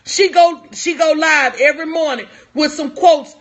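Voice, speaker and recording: A woman's voice: high-pitched, moderate pace, fairly bright tone. A woman life coach giving a motivational talk on a live stream, repeating lines for emphasis and calling out viewers by name. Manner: talks to viewers in chat by name.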